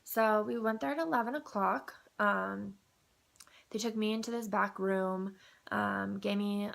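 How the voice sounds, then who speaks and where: A young woman vlogging a casual personal update, chatty and excitable, with lots of ums and likes, a little groggy. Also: mid-range voice, creaky. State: groggy after anesthesia.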